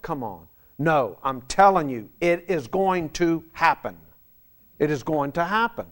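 A pastor preaches a sermon in a voice on the high side, putting rhetorical questions to the congregation. He drops from emphatic lines into soft asides.

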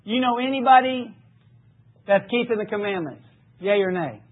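A man preaching a sermon, reading scripture emphatically and dropping low for asides. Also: moderate pace. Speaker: pastor. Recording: tinny phone-like recording.

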